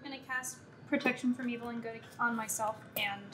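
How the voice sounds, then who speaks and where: A woman playing a tabletop game, chatty and asking animated in-character questions. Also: a little high, fairly quick, slight background noise. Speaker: player. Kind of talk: casual tabletop play.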